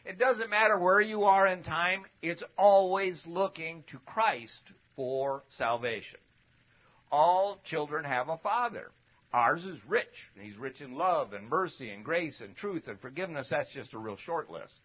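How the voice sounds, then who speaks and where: Animated preacher man, higher voice. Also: unhurried. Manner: animated, swings from loud emphatic bursts to low asides; conversational, uses rhetorical questions. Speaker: preacher teaching a Bible lesson. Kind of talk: sermon. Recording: dull lo-fi recording.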